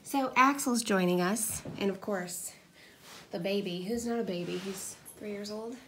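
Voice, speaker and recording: Woman, 30s, craft vlogger: rambling, self-mocking chat, now and then hushed. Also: medium pitch, moderate pace, a little hiss or hum. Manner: chatty, scattered storytelling with self-deprecating laughs; drops to a hush at times, kids asleep nearby. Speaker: craft video host. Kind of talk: casual chat while crafting.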